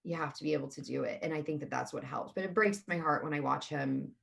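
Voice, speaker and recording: Woman in her 30s talking frankly in an interview, lowish voice, earnest. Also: quick pace, creaky. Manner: open and earnest, talks about feelings frankly. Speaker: interview guest. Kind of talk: candid conversational interview.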